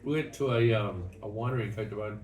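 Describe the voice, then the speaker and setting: A man's voice: lowish voice, quick pace, crowd noise. A man with an Australian accent hosting a casual wine-tasting chat, rambling through stories with many restarts. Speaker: wine show host. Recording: echoey room, distant mic, noisy.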